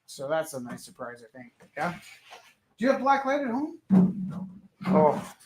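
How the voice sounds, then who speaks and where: A man's voice: on the high side, very animated, a little slow, background noise. A man hosting a live art auction, chatting casually and joking with frequent laughs.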